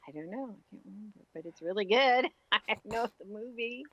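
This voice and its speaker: A woman guesting on a casual gaming podcast, talking in an animated way with laughter. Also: mid-range voice, brisk. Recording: dull lo-fi sound.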